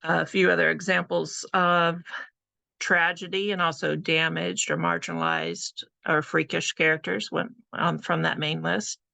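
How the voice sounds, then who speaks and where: A woman from California gives a relaxed, casual presentation as an author, chatty and conversational, often pausing on little fillers. Her voice is low and very gravelly with heavy fry, yet still bright and forceful. The recording is dry and close, with no room sound.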